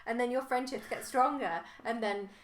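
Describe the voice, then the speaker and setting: Giggly woman, fairly high voice. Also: normal speed. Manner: animated, giggly, trails into quieter asides. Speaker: podcast co-host. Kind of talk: casual chat. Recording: roomy echo.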